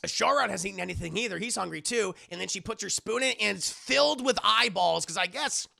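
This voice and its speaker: A man with a heavily gravelly voice walks his live chat through a film scene by scene. His tone is bright and forward, and he keeps breaking into quick put-on voices for the characters. It is a loose, casual stream review. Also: sits high.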